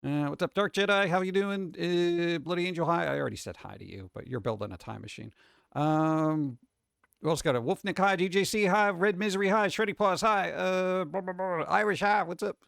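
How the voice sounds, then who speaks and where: A man's voice: sits high, brisk, gravelly, fairly bright tone, clean tone, no echo, studio quality. A man streaming live, rambling casually and greeting chat viewers one by one.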